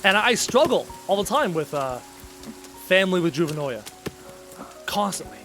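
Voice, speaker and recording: A man's voice: high voice, very animated, normal speed, fairly bright tone, soft background music. A man gaming at home and talking to his viewers, ranting in a blunt, opinionated way and repeating his key points for emphasis. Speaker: gaming YouTuber and streamer. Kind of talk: casual rant while playing a game.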